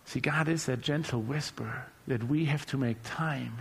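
A male preacher delivering a relaxed, humorous sermon who often repeats words as he speaks off the cuff. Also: medium pitch, normal speed, vocal fry, husky. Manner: conversational and humorous, repeats words while searching.

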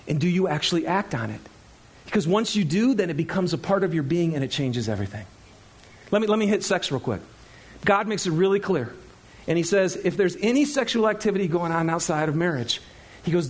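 A middle-aged man preaching a sermon in a church, conversational and animated, laughing often and acting out quotes. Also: high-pitched, brisk. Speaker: pastor. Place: church sanctuary.

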